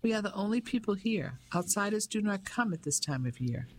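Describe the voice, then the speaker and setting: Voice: medium pitch, lively intonation, fairly quick, a little hiss or hum, pitched above the performer's own voice, lightly acted. A reader voicing a stiff, formal man from a foreign fishing village who gives orders. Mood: reassuring. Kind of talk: audiobook character voice.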